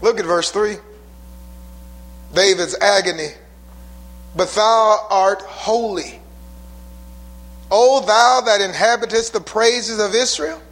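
A male pastor preaching a sermon, building from calm talk to shouted intensity. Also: high voice, slow, pauses often. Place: church sanctuary.

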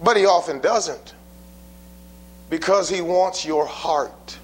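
A man's voice: high-pitched, lively intonation, slow pace, long pauses, a bit bright. A man preaching a sermon to a congregation in a church, emphatic and folksy, pressing his point with rhetorical questions. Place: church building before a congregation.

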